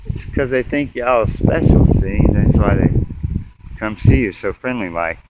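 A man with a fairly low, expressive voice speaks unhurriedly over heavy background noise. He's out walking his dog at night, vlogging on a phone, ranting with sarcasm and plenty of swearing in loose, rambling commentary.

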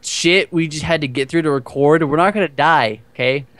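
A man's voice: a little high, moderate pace, fairly bright tone, dry recording. A man co-hosting a gaming video, swearing and teasing his teammate in casual banter over a headset. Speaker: gaming channel co-host.

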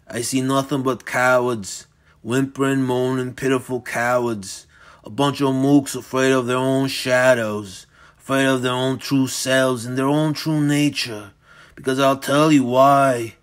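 A man voicing a predatory, deranged old man in a fedora who speaks slowly and tauntingly, relishing every word. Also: mid-range voice, fairly even intonation, close to an everyday voice.

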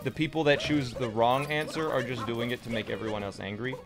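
A man's voice: medium pitch, steady tone, brisk. A man streaming a multiplayer game, bantering and joking with friends on a voice call. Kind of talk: casual gaming chat. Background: game music.

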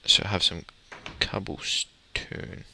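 A man's voice: a little slow, bright, forceful tone, a little hiss or hum. A young man giving casual, rambling commentary while playing a building game, muttering to himself and swearing mildly. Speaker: gamer commentator.

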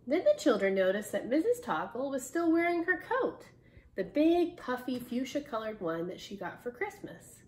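A woman reading a children's picture book aloud. Her voice sits fairly high and stays expressive, and she stops now and then to put questions to her young listeners. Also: moderate pace. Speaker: storybook reader.

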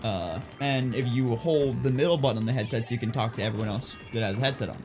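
A man's voice: mid-range voice, fast talker, over music. A young man co-hosting a casual let's-play, rambling and joking with a friend and laughing often. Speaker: co-host of a gaming channel.

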